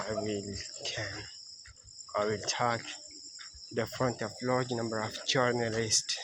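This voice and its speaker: A non-native English-speaking man walking along a roadside at night, talking hesitantly into his phone camera with many fillers and restarts. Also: mid-range voice. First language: not English. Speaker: English learner vlogging. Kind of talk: casual walking vlog. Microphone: phone camera at arm's length. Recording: loud street and insect noise. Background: passing traffic and crickets.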